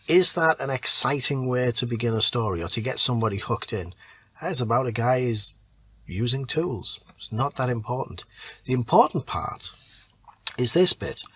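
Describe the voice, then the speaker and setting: A man teaching creative writing. He reads a draft story aloud and then rewrites it, thinking aloud and pausing over words as he edits. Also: mid-range voice, animated, sharp tone, breathy edge. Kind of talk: reading a draft aloud and editing it. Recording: keyboard typing audible behind voice.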